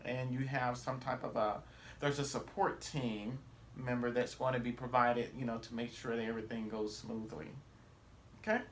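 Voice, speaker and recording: Male travel vlogger, chatty and loose, average pitch, stops to correct himself. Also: fairly even intonation, moderate pace, slight background noise. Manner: rambling, with many fillers and self-corrections. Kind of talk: casual vlog talk to camera.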